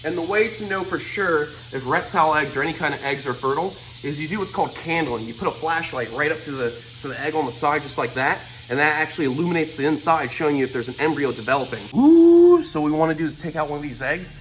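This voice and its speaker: An enthusiastic man hosting an animal vlog, breaking into high excited exclamations. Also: quick pace, hardly any pauses, reverberant, background noise. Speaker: reptile keeper and show host.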